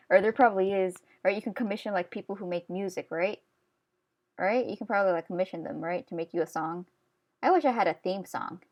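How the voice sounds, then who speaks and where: A woman's voice: medium pitch, a little mellow. A young woman talking casually and at length while she draws, chatty and self-mocking, often breaking into laughs. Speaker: art YouTuber. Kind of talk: rambling casual commentary while drawing. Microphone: computer screen-recording voice-over.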